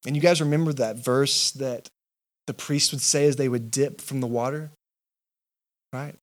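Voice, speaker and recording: A man's voice: medium pitch, fairly even intonation, moderate pace. A male pastor giving a sermon, with impassioned, repetitive rhetorical preaching.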